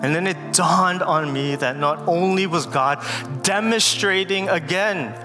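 Emotional male guest preacher, reverberant hall. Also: high-pitched. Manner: earnest, halting storytelling with many fillers. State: close to tears. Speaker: guest speaker. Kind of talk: sermon. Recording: long hall reverb with loud music.

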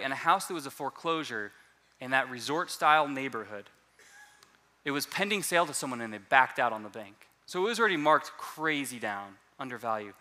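A man preaching a sermon as a pastor, telling a personal testimony in an animated way and often repeating words as he restarts. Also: medium pitch.

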